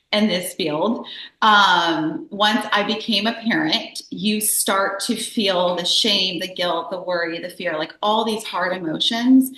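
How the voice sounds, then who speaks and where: A woman's voice: mid-range voice, a bit bright. A woman in her thirties, a guest on an interview podcast, telling heartfelt stories in a conversational way with many fillers. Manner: earnest, emotional storytelling with frequent "like" and "um". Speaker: guest, behavior analyst and business owner. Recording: echoey room.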